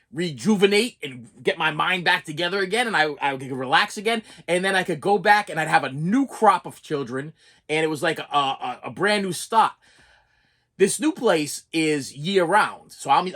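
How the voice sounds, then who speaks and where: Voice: mid-range voice, a bit bright. A middle-aged preschool teacher telling a story in a casual rant, exasperated, often repeating words and restarting sentences.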